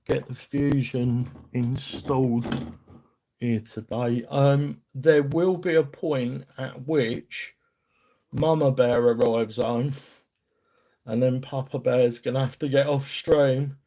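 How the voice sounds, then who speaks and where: A middle-aged man with a London accent talks slowly to his stream viewers while working at a bench. His voice has a gravelly, creaky texture, and he rambles in a chatty, self-deprecating way. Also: mid-range voice, fairly even intonation, a little mellow. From England. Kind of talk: casual live-stream chat while working on a workbench.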